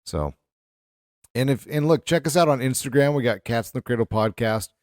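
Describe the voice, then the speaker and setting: A man's voice: mid-range voice, brisk, no echo, clean studio sound. A middle-aged man co-hosting a podcast, telling rambling stories with lots of fillers in casual chat. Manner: rambling, animated storyteller with many fillers. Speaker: podcast co-host.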